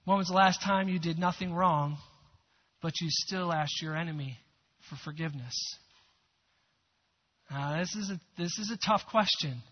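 Conversational male preacher, earnest, asks the room questions; husky voice, muffled sound. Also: on the high side, normal speed, long pauses. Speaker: pastor. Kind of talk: sermon. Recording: dull lo-fi recording.

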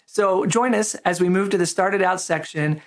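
Relaxed storytelling male pastor. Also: high voice, normal speed. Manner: relaxed storytelling, self-deprecating humor. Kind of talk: conversational sermon with a personal story.

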